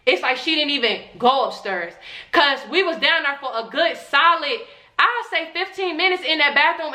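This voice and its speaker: A young woman vlogger telling a storytime in a casual, slangy, animated way, acting out whispered quotes. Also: high-pitched. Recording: echoey room.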